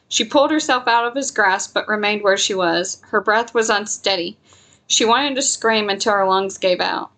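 A woman reading a horror novel aloud at a mid-range pitch. She narrates steadily, tripping on a word now and then and correcting herself before moving on. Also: poor audio. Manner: steady narration with small slips and self-corrections. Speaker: reader.

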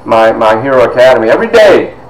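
A man in his fifties from Toledo, Ohio, telling personal stories in an animated, conversational way with frequent asides. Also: mid-range voice, fast. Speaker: author and speaker. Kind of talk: personal storytelling talk. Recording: echoey room with faint noise.

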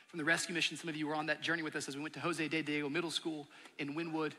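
A man's voice: a little high, little pitch movement, racing, bright, forceful tone, a little hiss or hum. A man in his thirties, a pastor giving a sermon, telling his church's story earnestly and building to emphatic peaks. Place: large church auditorium. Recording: long hall reverb from a large auditorium.

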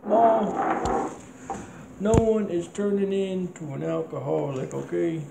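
A man's voice: high-pitched, steady tone, slow, creaky, very noisy, exaggerated voice. A man as a mumbling laid-back son. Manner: mumbling, stammering. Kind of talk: comedic sketch acting. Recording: roomy echo.

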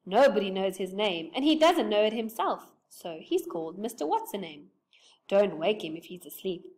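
A woman voicing a small, friendly female fairy in a read-aloud storybook, gentle and chatty as she gives warnings. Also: medium pitch, very animated, moderate pace, natural voice.

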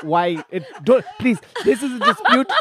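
A man's voice: extremely high pitch, huge pitch swings, a little slow, crowd noise, pitched above the performer's own voice, full character voice. A man voicing a cultured male prince who cannot swim, speaking formally and pleading to turn the boat around. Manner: formal, pleading, breaking into laughter. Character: cultured adult male prince, panicking at sea.

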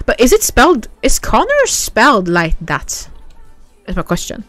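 Woman, game streamer, casual giggly chat, dry sound, soft background music. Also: mid-range voice, huge pitch swings, a little slow, no echo. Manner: giggly, chatty, reacts to chat.

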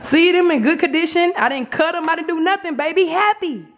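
Brief: young woman vlogger, very high pitch, teasing prank-host banter. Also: fairly quick, a little hiss or hum. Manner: playful, teasing, coaxing. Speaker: vlog host. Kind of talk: casual prank vlog.

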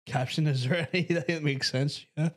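A Northern Irish man with a somewhat high, steady voice chats casually as a game commentator at a moderate pace. He is wry, laughs often, and swears freely.

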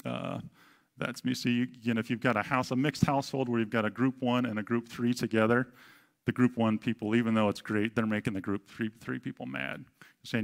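A man's voice: medium pitch, fairly even intonation, a little fast. A middle-aged man giving a casual, conversational sermon as pastor, chatty, with fillers and acted-out quotes.

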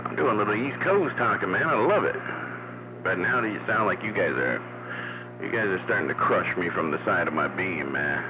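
A CB radio operator drawls along in an easygoing way, saying "man" to everyone, heard through muffled audio and static. His voice sits low, expressive and a little fast.

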